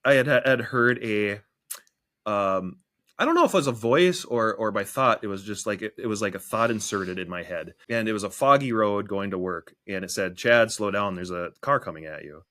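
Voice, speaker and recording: Halting low-voiced man. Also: fairly bright tone. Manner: halting, with many restarts. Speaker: podcast guest, therapist. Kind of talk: casual conversation.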